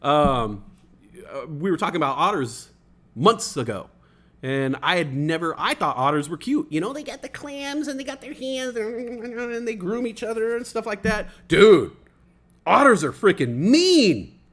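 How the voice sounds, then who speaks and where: A young man chats on his stream, telling a story in a loose, rambling way. His voice sits a little high, and he leans on fillers while he acts out what other people said. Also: sing-song, a little slow, fairly bright tone. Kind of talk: casual storytelling chat.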